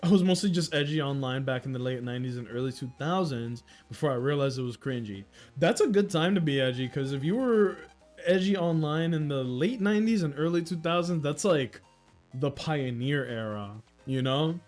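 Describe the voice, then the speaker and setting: A man's voice: on the high side, expressive, normal speed, darkish tone, faint music behind. A man in his thirties hosting a casual livestream, rambling and mocking himself with frequent laughs. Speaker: livestream host.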